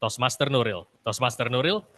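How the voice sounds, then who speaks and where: A man's voice: mid-range voice, fairly bright tone. A man acting as speech evaluator, formally introducing the next speaker and her project. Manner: measured, reads out project details. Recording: noisy call line.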